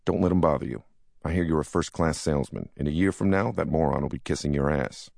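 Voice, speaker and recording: Man voicing charismatic big-shot broker, soothing but crude, very deep voice. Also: fast talker, vocal fry, a little mellow, dry recording, clean studio sound. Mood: brash. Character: charismatic male senior stockbroker, big and brash.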